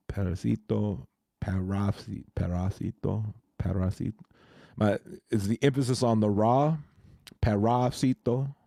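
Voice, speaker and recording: A man's voice: lowish voice, warm tone, no room sound, studio quality. A man chatting casually on a crypto livestream, hesitant and full of fillers and restarts.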